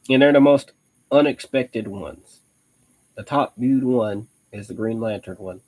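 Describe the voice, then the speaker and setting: Husky-voiced young man chatting casually. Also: mid-range voice, takes it slowly, long pauses, darkish tone, low-quality recording. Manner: rambling, laughs often, frequent restarts. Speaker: host of a live online show. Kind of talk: casual live-stream chat.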